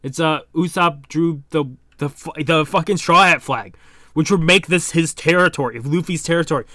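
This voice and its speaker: A young man reading a comic aloud and reacting excitedly, swearing casually as he goes. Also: on the high side, moderate pace, no room sound, studio quality. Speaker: manga reaction host.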